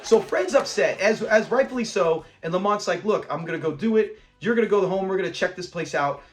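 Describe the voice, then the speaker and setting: High, chatty man reviewing an old episode. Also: animated, brisk, soft background music. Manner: enthusiastic, rambling with side notes, acts out lines. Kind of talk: casual chat.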